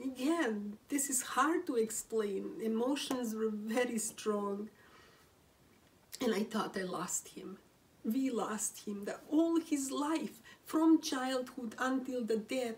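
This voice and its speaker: A grieving woman telling a personal story at home, in a halting voice near tears with whispered phrases and many restarts. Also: fairly high pitch, distant mic, poor audio. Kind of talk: emotional first-person storytelling. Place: room at home, seated.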